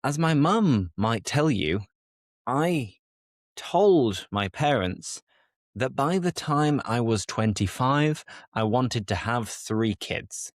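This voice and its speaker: A British man hosts a podcast for English learners and speaks slowly and clearly. His pitch swings a lot as he jokes and acts out little bits. The sound is dry and close to the mic. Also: no echo. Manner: playful, lively and animated. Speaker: English teacher and podcast host. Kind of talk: slow, clear podcast teaching.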